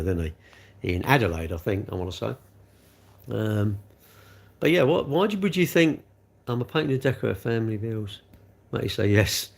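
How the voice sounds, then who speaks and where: A middle-aged man hosting a casual livestream, rambling from one viewer comment to the next. His voice sits low with a gravelly, fried edge, and he keeps calling people mate. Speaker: livestream host.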